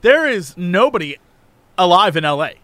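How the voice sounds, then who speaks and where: A man's voice: high-pitched, sing-song, normal speed, fairly bright tone, dry recording. A man co-hosting a casual podcast chat as the skeptic, dry and teasing.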